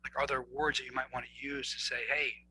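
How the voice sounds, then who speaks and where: Male coach guest, very forceful tense tone, earnest, acts out inner dialogue. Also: mid-range voice, little pitch movement, quick pace, low-quality recording. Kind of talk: conversational explaining.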